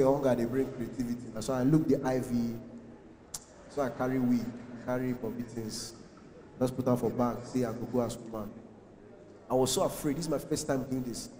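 A man's voice: mid-range voice, a little hiss or hum. A young man with a Nigerian accent performing a stand-up comedy set, telling stories animatedly and slipping into pidgin while acting out the people in them. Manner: animated storytelling mixing pidgin, acting out voices. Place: large comedy venue with live audience. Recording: echoey hall.

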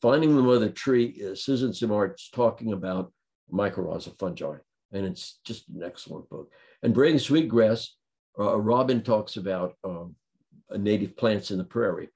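Deep-voiced man telling stories. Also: moderate pace. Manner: deadpan storytelling. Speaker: guest speaker. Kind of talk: humorous anecdote at a talk.

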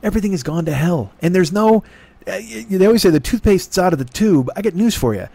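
A man's voice: sits high, animated, quick pace, vocal fry, warm tone, no room sound. A man hosting a podcast from his home desk, telling a rambling comic story full of swearing. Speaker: podcast host. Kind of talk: profane comic monologue.

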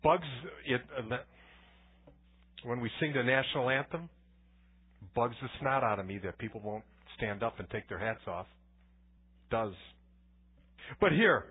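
A man's voice: high voice, slightly rough. A man pastor giving a conversational sermon with personal stories, often restarting his words. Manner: conversational preaching with anecdotes and frequent restarts. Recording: tinny phone-like church recording.

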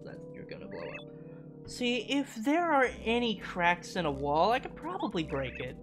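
A woman reading the lines of a spunky, defiant young female bomb creature from a game, lively and at times shouting in outrage. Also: mid-range voice, normal speed, pitched above the performer's own voice, natural voice. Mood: eager. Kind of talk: reading game dialogue aloud. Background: game music.

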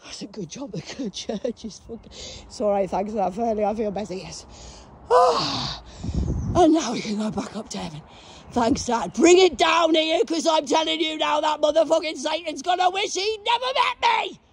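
A woman ranting profanely outdoors in a graveyard, shouting at unseen enemies on a phone camera. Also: high voice, expressive, normal speed, slight background noise. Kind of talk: ranting spiritual vlog.

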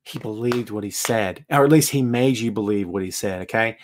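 A man hosting a wrestling talk show, ranting in an animated, excitable way and answering chat messages. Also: fairly low pitch, moderate pace, a little hiss or hum. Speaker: wrestling podcast host. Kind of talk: live show, reading chat comments.

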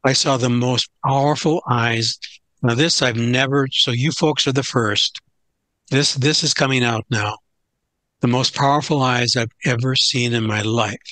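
An older American man, a professor, telling personal stories in a halting conversational way with frequent restarts. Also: medium pitch, steady tone, bright, forceful tone, dry recording. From United States. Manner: halting, restarts phrases, candid. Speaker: guest speaker, philosophy professor. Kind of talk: conversational storytelling.

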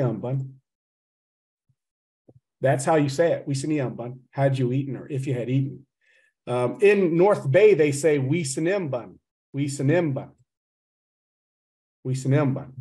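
A man's voice: fairly high pitch, darkish tone. A man teaching a language class over a video call, teasing his students and explaining grammar with jokes. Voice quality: teasing, joking, addresses the class as "guys".

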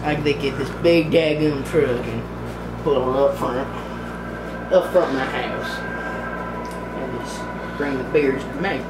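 A man's voice: medium pitch, unhurried, pauses often, close to an everyday voice. A man playing a boozy, rambling backwoods hunter in an improvised comic interview, goofy and laughing a lot. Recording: distant echoey mic with loud traffic noise.

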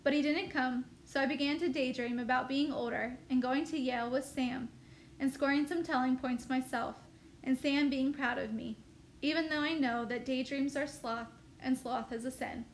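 High-voiced woman reading a novel aloud. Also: moderate pace, a little hiss or hum. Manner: steady first-person storytelling. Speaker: teacher.

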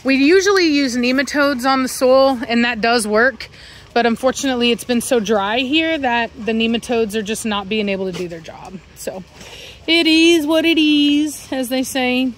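A woman with a fairly high voice chats loosely about caring for her dogs. She breaks off to scold and coo at them. Faint outdoor ambience sits behind her. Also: normal speed, a little hiss or hum. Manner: chatty, scolds dogs sharply then coos softly. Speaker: dog breeder. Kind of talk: casual vlog talk to camera and dogs. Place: outdoors in a dog yard.

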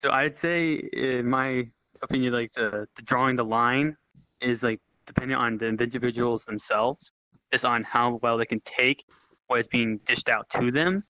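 Guy thinking out loud, lots of likes, bright but muffled lo-fi mic. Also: medium pitch, fairly even intonation, normal speed, no echo. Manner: hesitant, many fillers. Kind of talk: casual panel discussion. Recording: dull lo-fi mic.

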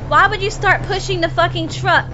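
A woman livestreaming a game, chatting with viewers and swearing and shouting at the game. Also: extremely high pitch, fairly even intonation, brisk. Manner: swearing, yelling at the game and reading chat. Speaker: streamer. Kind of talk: casual gaming livestream chat. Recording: dull lo-fi stream audio with game music.

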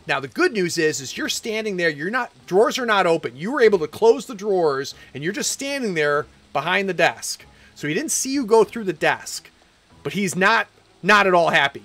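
A man's voice: on the high side, expressive, normal speed, pushed and bright, no echo. A man narrating a tabletop game as game master, in a chatty, loose way.

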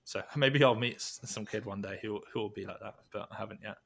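Low-voiced man musing in an interview. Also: creaky, fairly bright tone. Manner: thoughtful, halting, many restarts and fillers. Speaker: podcast guest, weightlifting coach. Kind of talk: reflective conversational interview.

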